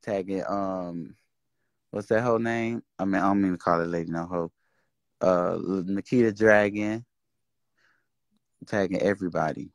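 This social media host, a man, rants on a casual indoor livestream, exasperated and swearing without restraint. His low voice stays steady at normal speed, broken by long pauses, in a dry recording.

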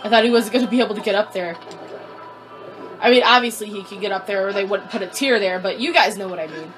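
A young woman hosting a let's play, panicking, squealing and shouting at her game character, repeating words in quick streaks. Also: medium pitch. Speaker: gaming channel host. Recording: faint game music behind.

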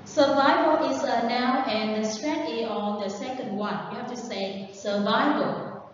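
A woman whose first language is Vietnamese, teaching an online English lesson, explaining words carefully and giving model sentences, recorded from a distance in an echoey room on low-fidelity audio. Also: moderate pace, highs cut off, a little hiss or hum.

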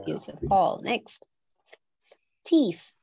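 A woman teaching English online, slowly modelling sounds and words for her class to repeat. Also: medium pitch, very animated, dark tone, no echo, rough recording. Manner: slow, clearly modelling each sound and word for repetition. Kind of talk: online pronunciation drill.

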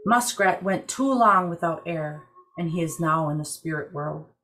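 A woman gives voice to a male trickster spirit who survived the great flood. He speaks earnestly and calmly, in a lowish tone, as though told around a fire. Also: normal speed.

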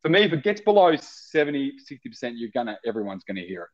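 An Australian actor in casual interview chat, rambling with many restarts and fillers. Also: male voice, mid-range voice, very animated, fast talker, lo-fi sound. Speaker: actor guest.

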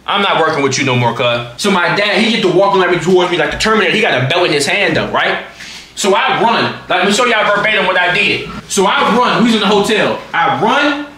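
A young man streaming live, telling a story in an animated, profane way full of slang. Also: high voice, fairly quick, reverberant. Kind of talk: livestream storytime.

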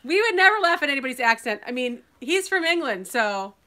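A woman's voice: high voice, very animated, a little fast, sharp tone. A woman from Minnesota hosting a live online sale in casual, enthusiastic chat, laughing often.

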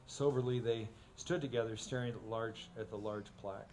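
A man preaching a sermon, telling stories in a folksy way and getting animated when he acts them out. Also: lowish voice, a little fast, few pauses, a little hiss or hum. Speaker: pastor. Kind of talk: sermon with humorous storytelling. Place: church sanctuary.

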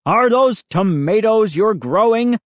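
A woman voicing a hot-tempered neighbor man who shouts angrily in a storybook. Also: medium pitch, animated, normal speed, no echo, pitched above the performer's own voice, close to an everyday voice. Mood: angry. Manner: shouting, angry.

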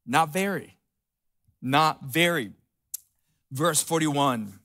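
A man pastor giving a conversational sermon, dropping soft and low for tender quotes. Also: lively intonation, measured pace.

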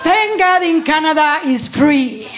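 A woman from Nicaragua performing live stand-up comedy, animated, shouting protest chants and laughing through her punchlines. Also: high-pitched, a little slow, a loud crowd, very noisy. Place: comedy stage before a laughing audience.

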